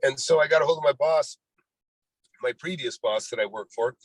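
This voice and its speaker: A sixty-something man, a real estate investor on as a guest, spins out his life story in a rambling interview, full of "you know" and reenacted dialogue. He has a mid-range, slightly rough voice at a moderate pace, heard in a rough recording with no echo.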